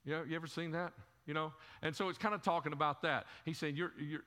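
Talking fast with hardly any pauses, a male pastor delivers a sermon in a slightly high, sharp voice with fairly even intonation. He keeps it conversational, posing rhetorical questions, repeating words and leaning on fillers, all inside a church sanctuary full of long hall reverb.

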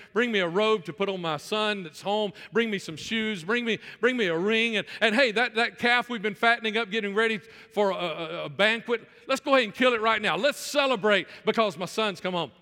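A male pastor preaching a sermon in church, repeating phrases for emphasis and restarting his sentences quickly. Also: high voice, pushed and bright, big-room sound. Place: church sanctuary.

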